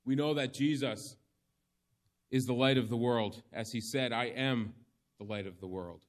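Male preacher, mid-pitched voice, slow deliberate sermon delivery with weighty pauses.

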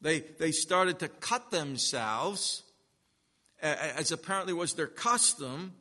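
A male pastor preaching with a bright, forceful voice that sits a little high for a man. He swings from ringing emphasis to hushed, slowed phrases. The sound carries a long reverb, as in a big hall. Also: lively intonation. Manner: dramatic swings from loud to hushed. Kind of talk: sermon.

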